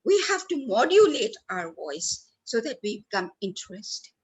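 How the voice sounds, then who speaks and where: A woman runs a workshop session. Her voice sits a little high and swoops up and down as she hits important words. She talks straight to the people in front of her, sometimes calling them by name. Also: normal speed, rough recording. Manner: animated, stresses words for effect, addresses listeners by name. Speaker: workshop trainer. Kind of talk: lively training talk. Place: lecture hall.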